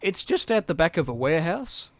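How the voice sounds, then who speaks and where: A man's voice: fairly high pitch, sing-song, brisk, no room sound. A man co-hosting a casual podcast, rambling through stories with plenty of swearing. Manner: rambling storyteller, swears a lot. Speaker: podcast co-host.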